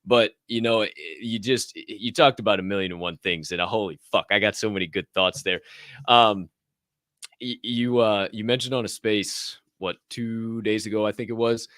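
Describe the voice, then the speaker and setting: A man's voice: on the low side, fairly even intonation, normal speed, a bit bright, dry recording, studio quality. A man hosting a casual podcast, enthusiastic and profane, often restarting his sentences. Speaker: host.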